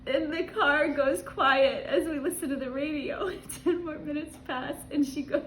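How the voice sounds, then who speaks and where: A woman's voice: sits high, measured pace, reverberant, slight background noise. A woman reading a travel story aloud and breaking off with her own asides, laughing often as she goes. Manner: giggly, laughs often through her words.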